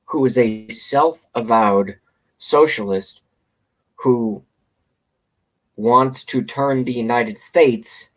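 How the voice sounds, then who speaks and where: Outdoors, with a train passing nearby, a political commentator delivers a profane, rambling rant, repeating himself for emphasis while hiccupping. His mid-range voice moves very slowly, with frequent pauses.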